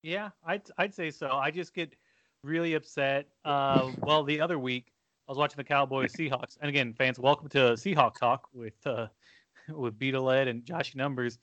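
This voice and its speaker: A man co-hosting a casual podcast chat, telling stories with sarcastic, animated outbursts. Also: mid-range voice, normal speed, no room sound, highs cut off. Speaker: podcast co-host.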